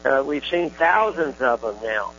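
A male pastor hosts a faith radio program in a steady, encouraging way. His voice comes through dull and lo-fi, with a faint mains hum underneath. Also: medium pitch, measured pace. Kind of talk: religious radio talk show.

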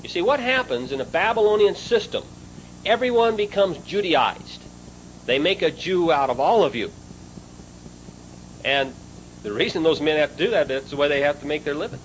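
An animated male preacher spinning a personal story from the pulpit, his voice sitting a little higher than most men's. He talks casually and turns aside to address a friend as he goes. A faint hiss sits underneath the recording. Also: moderate pace, long pauses, rough recording. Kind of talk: storytelling sermon.

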